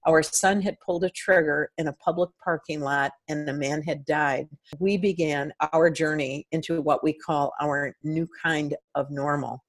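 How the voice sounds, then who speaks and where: An older woman speaks in a low, deep voice. She tells a hard personal story with earnest, heartfelt emotion, as a guest in a conversation. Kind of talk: interview testimony.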